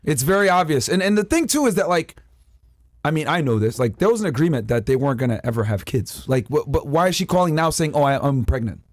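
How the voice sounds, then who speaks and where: A man's voice: on the high side, lively intonation, quick pace, dry recording, clean studio sound. A man hosting a podcast, talking bluntly and loosely while he comments on a played call. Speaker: podcast host.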